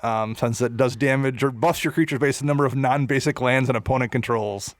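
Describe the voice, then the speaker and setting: A man's voice: medium pitch, brisk, dry recording. Dry-voiced rambling podcast co-host man. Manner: rambling, filler-heavy, self-deprecating. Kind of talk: casual podcast chat.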